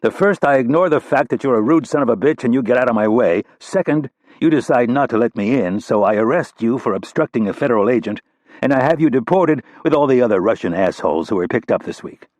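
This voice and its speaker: A cool, tough male agent who talks in clipped, assured lines, as a narrator plays him. The voice is low and husky, recorded close and dry, with a quick, flat menace. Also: no room sound. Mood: cool, threatening. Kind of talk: audiobook character reading.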